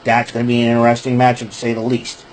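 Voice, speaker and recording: A man's voice: mid-range voice, completely flat delivery, quick pace, rough recording. A man hosting a casual wrestling recap show, talking in a rambling, chatty way. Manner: rambling, chatty, breaks into laughing fits.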